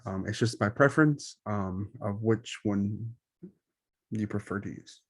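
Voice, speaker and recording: A man's voice: on the low side, unhurried, husky, dry recording, clean studio sound. A man teaching Spanish grammar in an online lesson, explaining slides with many ums and self-corrections.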